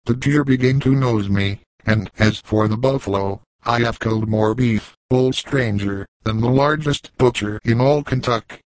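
A man's voice: mid-range voice, a little slow, hardly any pauses, no echo, lightly acted, rough recording. A man voicing a young frontier hunter who talks in a boastful, easygoing way.

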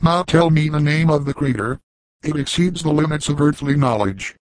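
A man reading as a calm old backwoods trapper. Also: on the high side, no echo, close to an everyday voice, poor audio. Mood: cool. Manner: cool, measured, old-fashioned speech. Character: old veteran male woodsman trapper, calm and shrewd.

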